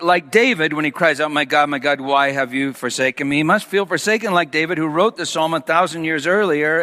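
Man, preacher, sermon, bright forceful tone, loud peaks and hushed whispers, long reverb. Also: fairly high pitch. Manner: dramatic swings from loud emphatic peaks to hushed near-whispers.

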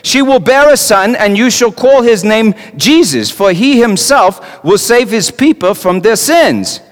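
A man's voice: sits high, lively intonation, a little slow, pitched above the performer's own voice. A man voicing a solemn angel messenger in a stage monologue, speaking in a proclaiming way. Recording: long hall reverb.

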